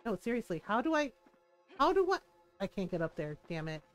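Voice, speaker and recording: A woman's voice: mid-range voice, very animated, fairly quick, faint music behind. A woman streaming a game live, bubbly and giggly, rambling and joking at her own expense. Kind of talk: live gameplay commentary.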